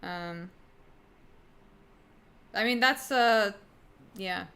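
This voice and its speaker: A young woman on a livestream talks loosely to her viewers, her sentences wandering and full of fillers. She swears in passing and answers chat as she goes. Her pitch sits in the middle for a woman. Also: extremely slow, gravelly, fairly bright tone. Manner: rambling, filler-heavy, swears casually. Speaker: streamer.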